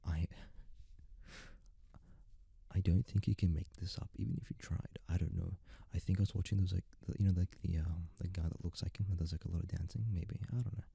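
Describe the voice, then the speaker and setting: A young man rambling in a soft-spoken ASMR style, close to the mic, filling his talk with "like". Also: low-pitched, steady tone, fairly quick, gravelly, husky, dry recording. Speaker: ASMR creator.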